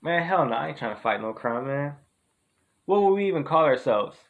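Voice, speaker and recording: A man's voice: a little high, animated, fairly quick, narrow, tinny audio, slight background noise. A man performing a comedy sketch dialogue, trading slangy, profane street banter.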